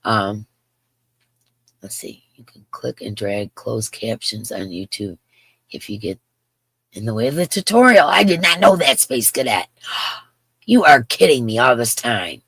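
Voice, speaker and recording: With a rumbling low, husky voice, a crochet streamer in her fifties chats in an animated, unhurried way, drifting between topics and reading comments from viewers. There's no echo.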